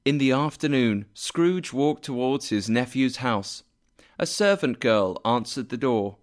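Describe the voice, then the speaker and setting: Man, storybook narrator, slow pace, measured delivery. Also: mid-range voice, lively intonation. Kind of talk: storybook reading.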